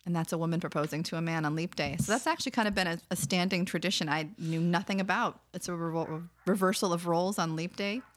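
A woman's voice: on the low side, fast talker, few pauses. A young woman co-hosting a podcast, explaining things in a rambling, casual way full of restarts. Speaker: podcast co-host. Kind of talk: casual chat.

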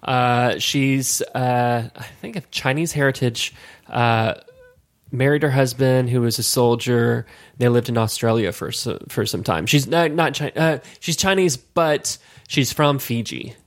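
A man's voice: mid-range voice, measured pace. Rambling male podcast co-host. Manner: rambling, many restarts, laughs easily. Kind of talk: casual chat.

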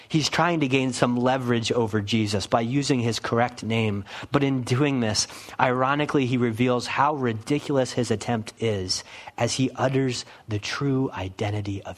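A man's voice: medium pitch, normal speed. Male pastor preaching in church; earnest, emphatic teaching delivery with questions to his listeners. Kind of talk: expository sermon.

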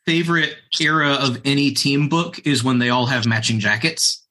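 A man's voice: mid-range voice, moderate pace, sharp tone. A man playing in a tabletop game over a video call, easygoing with a few restarts. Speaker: co-host and player. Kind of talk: casual chat.

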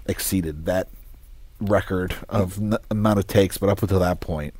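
A man co-hosting a podcast, talking in a relaxed, conversational way with some restarts. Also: sits low, normal speed, husky. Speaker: podcast co-host. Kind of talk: casual chat.

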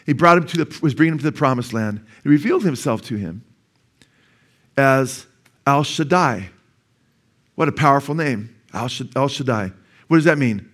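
A man's voice: mid-range voice, a bit bright. A man preaching a sermon as pastor in a church, earnest and conversational, often asking the congregation "amen?" and restarting words.

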